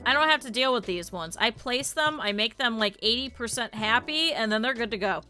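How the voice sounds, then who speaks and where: A woman streamer chatting casually to her live chat, blunt and swearing freely, with lively quoted asides. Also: fairly high pitch, a little fast, hardly any pauses, soft background music.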